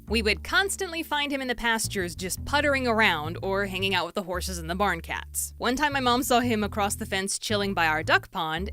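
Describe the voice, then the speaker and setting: Lively bright-voiced woman storyteller. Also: medium pitch. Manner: playful, voices quoted people with big swings. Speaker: storytelling YouTuber. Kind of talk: animated comedic storytelling.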